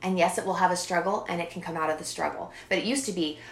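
Animated woman in a roomy echo. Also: lowish voice, fast talker. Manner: animated, expressive, laughs often. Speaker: podcast guest. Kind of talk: casual interview chat.

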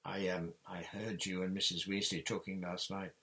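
A man's voice: low voice, flat delivery, moderate pace, bright, forceful tone. A man voicing an earnest, stubborn teenage boy wizard in a storybook reading.

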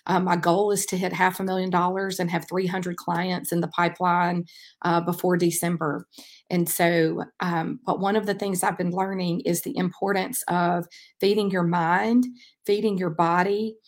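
Earnest woman podcaster with a lowish voice. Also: flat delivery, normal speed. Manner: earnest, rambling, frequent "um" fillers. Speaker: podcast host and track coach. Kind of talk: casual faith-based podcast monologue.

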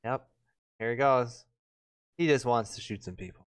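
A man's voice: mid-range voice, moderate pace, clear, resonant tone. A male host reading news aloud in casual chat, breaking off for joking, sarcastic asides.

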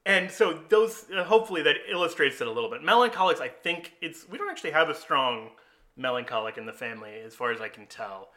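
A man hosting a casual chat, explaining personality types as an animated storyteller who chuckles often. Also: on the high side, fast.

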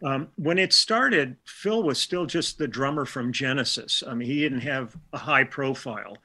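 In a relaxed interview, an older Milwaukee session musician works his way through a lengthy anecdote, chatty and full of quoted dialogue that he acts out. He restarts sentences a lot as his memories wander. His voice is mid-range, bright, and forceful, at a normal speed.

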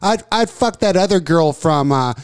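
High-voiced man ranting crudely. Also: lively intonation, normal speed, clear, resonant tone, dry recording. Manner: profane, ranting, emphatic. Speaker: podcast co-host. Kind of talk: crude casual radio banter. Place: small studio with desk mics.

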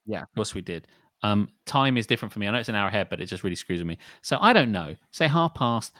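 A man's voice: fairly low pitch, animated, fast, fairly bright tone, no room sound, studio quality. A man co-hosting a stream from a distance, chatting casually and chiming in with laughs and reactions. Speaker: streamer co-host. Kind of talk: casual chat.

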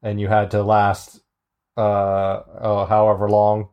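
A man co-hosts a podcast, speaking slowly and deliberately in a lowish voice. He slips in dry, joking remarks between his questions. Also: monotone, clear, resonant tone, lo-fi sound. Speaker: podcast co-host. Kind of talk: casual podcast chat.

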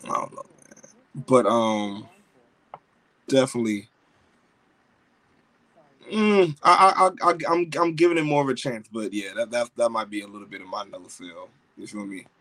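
An adult married man hosts a wrestling podcast, chatting excitedly in a casual wrestling review, rambling with slang, many fillers and restarts. His medium-pitched voice moves at a moderate pace with long pauses. The recording is low quality but has no echo.

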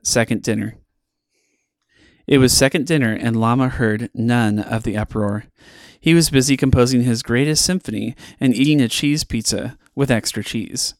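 A man hosting a podcast, reading a children's storybook aloud in an expressive, playful way with dramatic pauses. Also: medium pitch, no echo, clean studio sound.

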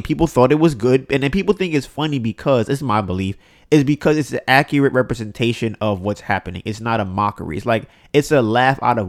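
A man's voice: mid-range voice, fast. A man hosting a podcast, talking casually and ranting animatedly about things he has seen online. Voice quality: animated, ranting, mimics others in quotes. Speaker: podcast host. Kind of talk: casual opinion monologue.

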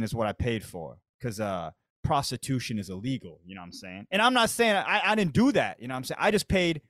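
Animated, slangy American man telling stories. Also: mid-range voice, no echo, studio quality. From United States. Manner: slangy, profane, laid-back bro talk. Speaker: podcast host. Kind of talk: comedic storytelling monologue.

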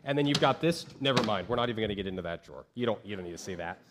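A man's voice: racing, background noise. Conversational male pastor preaching. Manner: conversational, acts out quoted voices with lively pitch jumps. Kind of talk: sermon. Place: church stage.

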